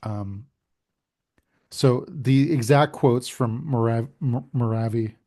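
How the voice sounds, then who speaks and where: A man's voice: medium pitch, slow, warm tone. A man co-hosting a podcast in a casual chat, easygoing and agreeing often. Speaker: podcast co-host.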